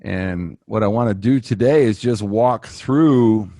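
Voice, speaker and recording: A man from Massachusetts hosting a podcast, introducing his guest and asking questions in a measured way. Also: on the low side, mellow, no room sound, clean studio sound. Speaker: podcast host. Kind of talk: interview introduction.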